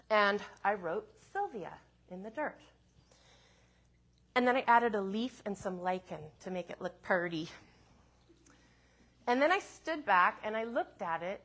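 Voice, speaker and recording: A woman minister telling a personal story in a sermon, in a gentle, reflective way with soft asides. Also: mid-range voice.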